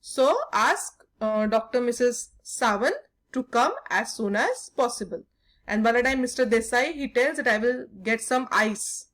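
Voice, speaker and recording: A woman's voice: on the high side, animated, normal speed, fairly bright tone. A woman teacher explaining a story to a class, repeating "okay" often.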